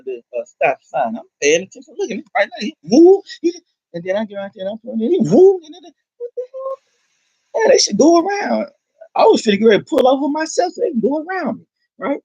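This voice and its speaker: Man, angry profane rant, repetitive, fairly high pitch, dry sound. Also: a little mellow, no echo, lo-fi sound. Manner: heated, profane, repeats himself.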